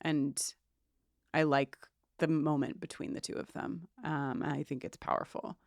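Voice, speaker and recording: A woman's voice: low-pitched, level tone, a little slow, darkish tone, dry recording, clean studio sound. A woman co-hosting a podcast, talking earnestly in a casual, emotional way, with many restarts and fillers. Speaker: podcast co-host.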